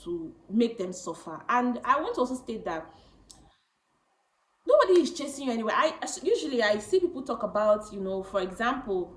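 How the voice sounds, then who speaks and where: A woman in her late twenties telling a personal story to camera, chatty and animated, often laughing. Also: fairly high pitch, brisk, echoey room, rough recording. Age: late 20s. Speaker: vlogger.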